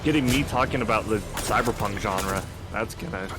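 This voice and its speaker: A man's voice: on the low side, moderate pace. Blunt man in casual game chat. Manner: blunt and opinionated, dry asides. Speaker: let's play co-host. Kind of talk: casual gameplay commentary.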